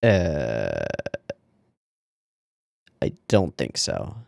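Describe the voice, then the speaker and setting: A man's voice: extremely low pitch, huge pitch swings, drawn-out words, gravelly, a little mellow, no echo, clean studio sound. A man hosting an anime reaction video, swearing, laughing and talking back to what he watches. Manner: swears often and talks back to the screen; laughs and reads on-screen lines aloud. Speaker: anime reaction channel host. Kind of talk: casual reaction commentary.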